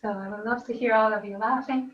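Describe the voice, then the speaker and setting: A woman tai chi instructor leading an online breathing lesson in a calm, coaching way, with demonstration gasps and laughs. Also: on the high side, quick pace. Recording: roomy, distant, dull, faint hiss.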